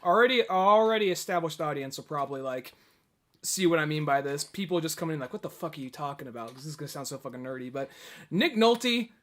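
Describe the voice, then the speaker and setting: Young male podcast co-host, high bright voice, loose rambling delivery. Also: animated, quick pace. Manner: rambling, profane, puts on voices to quote actors. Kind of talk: casual chat about movies.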